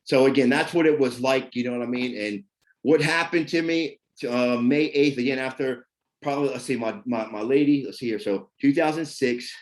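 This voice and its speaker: A middle-aged man sharing his recovery story gives a candid testimony about his past, his voice mid-range and his speed normal. He rambles and keeps repeating fillers like "you know what I mean."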